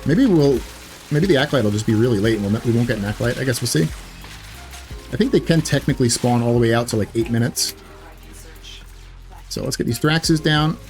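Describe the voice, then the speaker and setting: A man's voice: medium pitch, brisk, long pauses, darkish tone, soft background music. A man giving casual gameplay commentary in a chatty way, correcting himself often with loose filler words. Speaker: gaming YouTuber.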